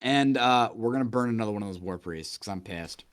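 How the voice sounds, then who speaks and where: A man's voice: lowish voice, brisk, clean tone, no room sound, studio quality. A man playing a tabletop game who grumbles and curses at bad rolls, then laughs it off.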